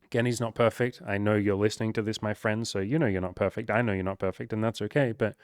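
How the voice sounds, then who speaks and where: A man's voice: on the low side, fairly even intonation, fast talker, smooth, no echo, studio quality. A man, a relationship coach, talking bluntly and swearing freely as he reacts to a viewer's messages.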